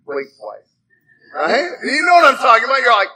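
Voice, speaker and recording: A man preaching a sermon, chatty and animated, asking his listeners questions and moving between loud dramatic reading and soft asides. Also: extremely high pitch, moderate pace, long pauses, slightly rough, rough recording. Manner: animated, conversational, asks the congregation questions.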